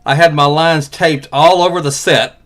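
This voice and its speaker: A man's voice: a little high, steady tone, moderate pace, fairly bright tone. Easygoing man hosting a chat show. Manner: laughs often, reads audience questions. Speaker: podcast host. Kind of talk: casual webcast chat.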